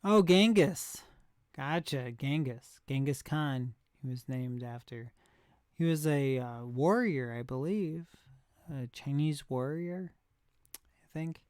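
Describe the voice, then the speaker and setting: A man's voice: medium pitch, takes it slowly, darkish tone, clean tone, no echo, studio quality. A young man live streaming, chatting in a rambling, easygoing way with his viewers and laughing at himself. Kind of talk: casual chat reacting to chat.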